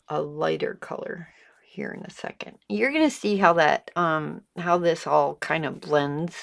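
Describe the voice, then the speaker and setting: A woman's voice: fairly low pitch, vocal fry. A woman with a slight lisp hosting a casual painting tutorial, chatty and encouraging, laughing often and swearing freely. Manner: chatty, giggly, salty, encouraging. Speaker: art channel host.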